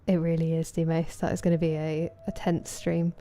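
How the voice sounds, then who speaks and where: Mellow-voiced woman streamer chatting. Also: deep voice, little pitch movement, normal speed, slight background noise. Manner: chatty, greets chat by name. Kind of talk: casual chat with viewers while gaming. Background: game music.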